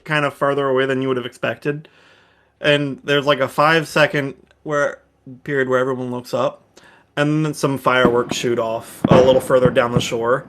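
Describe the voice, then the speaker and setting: Man running a tabletop game, higher voice. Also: fairly bright tone. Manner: loose, hesitant narration with fillers. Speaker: game master. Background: faint background music.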